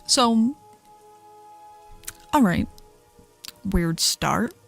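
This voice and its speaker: A young adult woman streamer telling a story in casual chat, animated and profane, often laughing. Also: mid-range voice, drawn-out words, vocal fry, soft background music.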